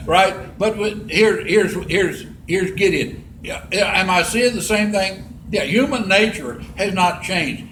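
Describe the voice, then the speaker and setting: A man preaching in a church sanctuary with a fairly high voice, folksy and chatty, reading scripture and then explaining it in plain words. The room has a noticeable echo, and a faint hum of ambience stays under his voice. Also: slow, a bit bright. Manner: folksy, reads scripture aloud and adds plain commentary. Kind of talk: sermon, Bible lesson.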